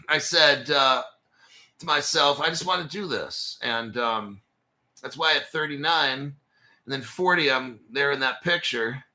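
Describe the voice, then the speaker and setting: Bright, swearing rambling man in his forties. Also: fairly high pitch, measured pace. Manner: profane, rambling, laughs between phrases. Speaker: crypto channel host. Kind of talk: casual rambling livestream storytelling.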